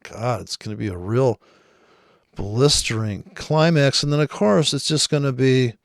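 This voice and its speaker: Male trader talking over charts, gravelly voice, dry close mic, rambling and sarcastic. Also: medium pitch, a little slow, dry recording. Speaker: forex trader. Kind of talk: casual screen-share trading commentary.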